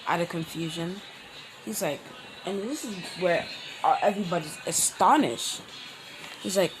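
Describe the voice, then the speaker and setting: A man hosting his own channel, telling a fan-made story in a rambling, halting way with many restarts. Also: high-pitched, over music, poor audio. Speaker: channel host. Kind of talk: casual fan-fiction storytelling.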